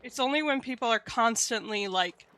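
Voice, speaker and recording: A woman's voice: fairly high pitch, normal speed, a bit bright. A young woman streaming live, chatting candidly with viewers and swearing casually as she explains things.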